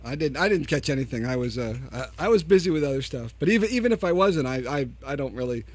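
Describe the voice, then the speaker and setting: A man's voice: medium pitch, expressive, fast, a little mellow. A man co-hosting a podcast, rambling and joking in casual chat. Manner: rambling, joking, restarts sentences. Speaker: podcast co-host.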